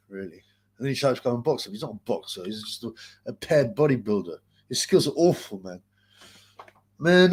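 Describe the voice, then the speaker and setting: A man hosting a casual live boxing chat, rambling and crude, with many filler sounds. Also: medium pitch. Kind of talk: casual post-fight live-stream chat.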